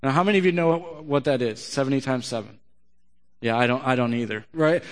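A man's voice: mid-range voice, a little fast. A male pastor preaching a sermon in a conversational way, often asking the audience questions. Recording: long reverb of a large hall.

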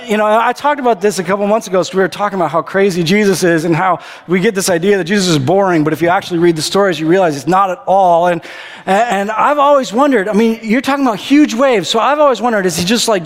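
A man preaching a conversational sermon, animated and playful, acting out the people in the story. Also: sits high, fast talker. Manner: animated, conversational, acts out characters' lines. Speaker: pastor. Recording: long reverb of a big hall.

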